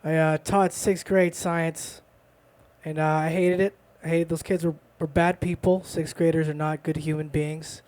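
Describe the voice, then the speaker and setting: A man's voice: a little high, level tone, unhurried, a little mellow. A man of Dominican background performing stand-up at a bar open mic, bantering playfully and poking fun at himself. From Dominican family background. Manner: playful, self-deprecating banter with the crowd. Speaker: stand-up comedian. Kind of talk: stand-up comedy set.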